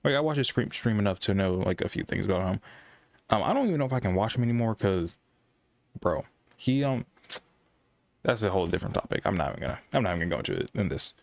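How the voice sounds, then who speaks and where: A young man with a low, monotone voice rambles through a casual monologue about gaming. He stumbles and restarts often, and the sound is close and dry. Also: vocal fry, no room sound. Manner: rambling, halting with many restarts. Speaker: gaming commentator.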